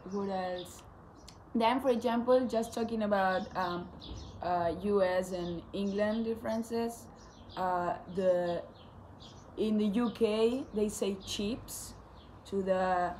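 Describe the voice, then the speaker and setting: A woman's voice: medium pitch, slow, darkish tone, a little hiss or hum. A young woman from Spain chatting casually, hesitant and thinking aloud. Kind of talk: casual chat.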